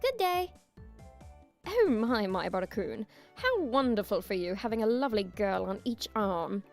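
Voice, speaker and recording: A woman voicing a gracious elderly village woman in an exaggerated posh British accent, plummy and drawn-out. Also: mid-range voice, very animated, faint music behind. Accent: exaggerated posh British, put on.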